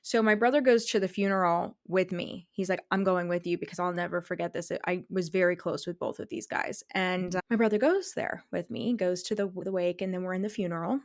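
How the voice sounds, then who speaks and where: A woman hosting a podcast, talking in a warm, supportive, chatty way. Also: on the low side, a little fast, few pauses, no room sound, clean studio sound. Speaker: podcast host. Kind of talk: casual conversational podcast.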